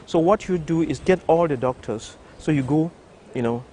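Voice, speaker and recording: An older man, a doctor from Cameroon, telling an interviewer his story, animated and full of restarts. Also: a little high, moderate pace, a little hiss or hum. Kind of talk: recounting a personal story. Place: television studio.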